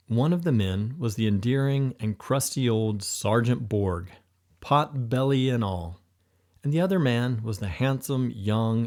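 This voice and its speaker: Low-voiced man narrating an audiobook. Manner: steady storytelling. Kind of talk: scripted narration.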